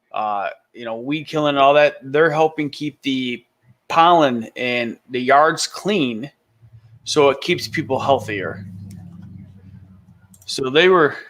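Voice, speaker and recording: A man's voice: mid-range voice, fairly bright tone. Easygoing man hosting a morning chat. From Michigan. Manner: laid-back, rambling, restarts often. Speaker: livestream host. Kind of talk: casual morning live chat. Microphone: headphones and computer mic.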